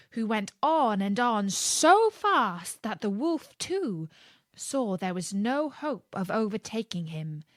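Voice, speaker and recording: Slow, expressive woman reading a storybook. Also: medium pitch, no room sound, studio quality. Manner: expressive, gentle, measured.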